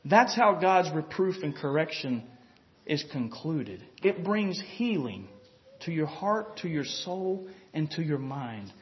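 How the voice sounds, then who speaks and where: A man with a fairly high voice preaches slowly, his pitch swinging widely as he talks to the congregation. His homey, conversational style is full of chuckles and "you know." The recording is dull and lo-fi.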